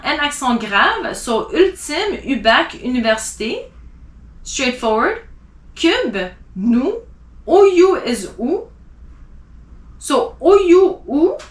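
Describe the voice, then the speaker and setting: Slow-speaking woman teaching French. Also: high voice, a bit bright, echoey room. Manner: spells out letters and repeats example words slowly. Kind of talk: language lesson.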